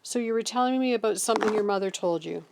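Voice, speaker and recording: A woman's voice: mid-range voice, fast, noisy background, close to an everyday voice. A woman voicing a polite, awkward teenage boy who speaks in an earnest, apologetic way.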